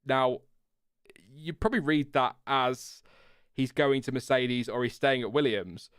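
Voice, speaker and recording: A man's voice: medium pitch, a little slow, a bit bright, clear, resonant tone, dry recording, clean studio sound. Chatty man reading live comments. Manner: chatty, reads viewer comments with laughs. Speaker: podcast co-host. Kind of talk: casual live-stream chat.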